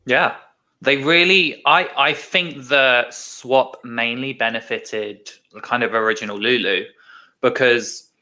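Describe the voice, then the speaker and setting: Bright man musing on a podcast. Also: mid-range voice, slow pace. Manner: thinking aloud, hesitant with self-corrections. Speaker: podcast co-host. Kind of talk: casual podcast discussion.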